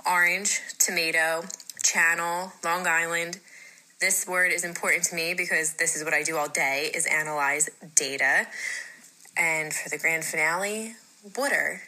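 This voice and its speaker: A woman with a South Jersey, South Philly accent, recording a voice message and reading a list of words with steady, slightly wry explanations. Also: fairly low pitch, unhurried, poor audio. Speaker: listener sending a voice message.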